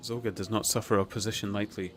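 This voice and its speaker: A man's voice: fairly low pitch, fairly even intonation, quick pace, soft background music, close to an everyday voice. A man voicing a timid, wailing male kobold who repeats his words in threes while reading a game's story aloud. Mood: fearful.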